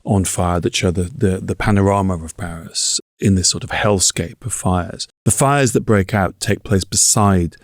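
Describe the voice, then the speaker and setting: A man with a very deep, low voice co-hosts a history talk. He is thoughtful and stacks his points one after another. The recording is close and dry, with no room sound. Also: normal speed, hardly any pauses, dry recording. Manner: thoughtful, builds points in lists. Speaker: co-host. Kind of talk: history discussion.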